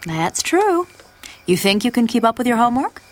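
A woman's voice: a little high, sing-song, moderate pace. An actress playing a caring, thoughtful middle-aged mother. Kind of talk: radio drama acting.

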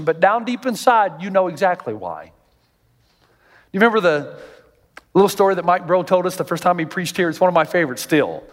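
A man with a high voice preaches from a church stage. He tells stories with humor and climbs to near-shouts. The sound carries the long reverb of a large sanctuary. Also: normal speed, long pauses. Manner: animated, jokey storytelling, rising to near-shouts. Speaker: pastor. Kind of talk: sermon.

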